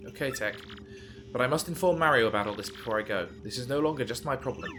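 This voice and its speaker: Young princess, man putting her on, high voice, anxious, pleading, lively. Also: fast, background noise, close to an everyday voice.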